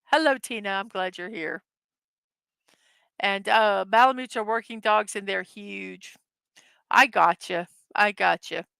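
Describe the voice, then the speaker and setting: A woman's voice: medium pitch, unhurried, gravelly, pauses often, sharp tone, clear, resonant tone, dry recording. A middle-aged woman hosting a casual daily morning show, chatty and giggly as she reads out silly memes. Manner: giggly, chatty, frequently laughing at her own jokes. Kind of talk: casual livestream chat reading memes.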